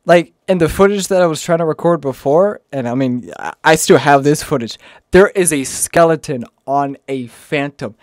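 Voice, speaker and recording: A young man with a slight southern accent, rambling casually in a gaming vlog, often stopping himself mid-sentence and now and then breaking into shrill, panicked yelps. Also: normal speed, dry recording, clean studio sound. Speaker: streamer.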